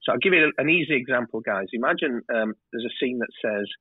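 Fast-talking man on a tinny line. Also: mid-range voice, expressive, slightly rough, no room sound. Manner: chatty, stumbles and repeats words. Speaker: TV director, podcast guest. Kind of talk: casual interview storytelling. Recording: tinny phone-like remote line.

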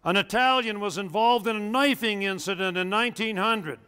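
A man's voice: sits high, moderate pace, sharp tone, clear, resonant tone. An older man who is a local historian, telling history in a folksy, anecdotal way with joking asides. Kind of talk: storytelling history talk.

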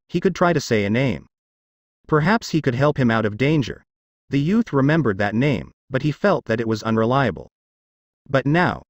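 A man giving a scripted audiobook narration in a steady, dramatic storytelling manner. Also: medium pitch, dry recording, clean studio sound.

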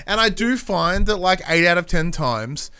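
A young man co-hosting a casual podcast chat, talking with high energy and enthusiasm. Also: lively intonation, normal speed, pushed and bright, smooth. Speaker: podcast co-host.

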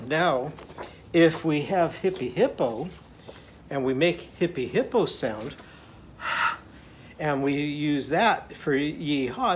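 A man with a slightly high voice teaches a children's phonics lesson, unhurried and deliberate. He talks in a playful, sing-song way and leads call-and-response chants. A faint low rumble sits under the recording. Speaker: literacy teacher.

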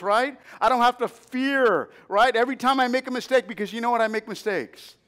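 High-voiced preaching man in his fifties. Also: a little fast, few pauses. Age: 50s. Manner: storytelling, drops to a hush then rises to emphatic calls; asks the congregation for responses. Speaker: pastor. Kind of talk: sermon.

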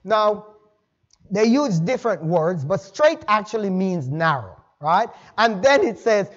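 A man's voice: high voice, big pitch swings, unhurried, a bit bright, muffled recording. A male pastor preaching a sermon in a conversational, folksy way, with chatty asides to the congregation. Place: church sanctuary.

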